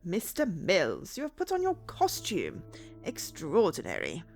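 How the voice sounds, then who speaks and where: A woman's voice: on the low side, wildly swooping pitch, measured pace, creaky, a little mellow, faint music behind, exaggerated voice. Woman playing a polite, proper game doctor, formal and reassuring, lines read aloud.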